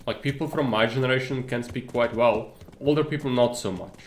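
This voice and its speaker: Male streamer, mid-pitched, casual and rambling, in a roomy space. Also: fairly quick. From Czech Republic. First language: Czech. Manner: rambling, searching for words. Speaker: game streamer. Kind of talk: casual live-stream commentary.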